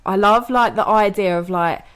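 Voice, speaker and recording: A woman's voice: medium pitch, normal speed, a bit bright. A young woman co-hosting a podcast in casual chat, upbeat and slangy. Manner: upbeat, slangy, eager to cheer on. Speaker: podcast co-host.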